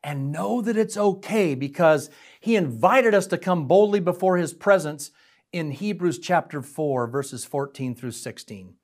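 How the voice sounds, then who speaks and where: Earnest male preacher, slightly high voice. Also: lively intonation, a little slow, a little mellow. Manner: earnest, questioning, emphatic preaching. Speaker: pastor. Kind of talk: sermon.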